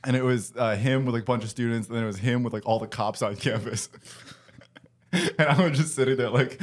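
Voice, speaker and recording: A man's voice: mid-range voice, a little fast. A young man hosting a podcast from his basement, telling a story in a casual way, swearing and laughing often. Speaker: podcast host. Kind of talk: casual chat. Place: home basement.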